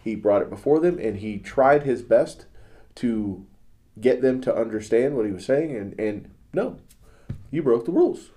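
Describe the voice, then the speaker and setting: A man's voice: fairly low pitch, normal speed, dark tone. A man hosting a podcast, telling a story in a casual, earnest way, often restarting his sentences as he goes. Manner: religious. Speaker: podcast host. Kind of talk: casual chat.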